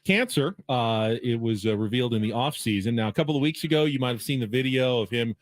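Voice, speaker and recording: A man's voice: medium pitch, animated, quick pace. Chatty sports radio host man. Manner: loose and chatty, with laughs and asides. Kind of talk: casual sports talk banter.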